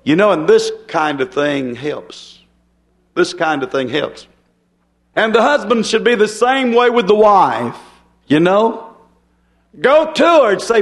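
A man with a notably high voice delivers a sermon in plain, homespun language. He presses his points with emphasis and keeps checking in with rhetorical questions to his listeners. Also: sing-song, takes it slowly, pauses often. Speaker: preacher.

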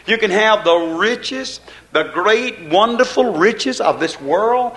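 A man preaching a sermon, repeating phrases in a rhythmic build and swelling to loud emphasis. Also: high-pitched, animated, slow.

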